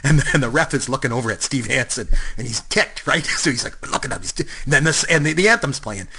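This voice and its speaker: A man's voice: medium pitch, fast talker, husky. A Canadian man in his fifties co-hosting a podcast, chatting loosely about movies with lots of fillers and restarts. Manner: rambling, animated, lots of fillers. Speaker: podcast co-host. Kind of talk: casual movie chat.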